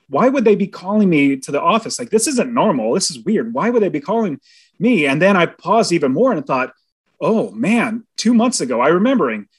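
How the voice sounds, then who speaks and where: A middle-aged man from California, a podcast guest telling a personal story with lively delivery and acted-out inner thoughts. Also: a little high. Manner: animated storyteller, acts out quotes and inner thoughts.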